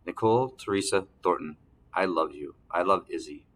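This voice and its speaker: A man reading an audiobook, voicing an eager, boyish man in love who talks in an excited, bouncy way. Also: low voice, moderate pace, a little hiss or hum. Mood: earnest.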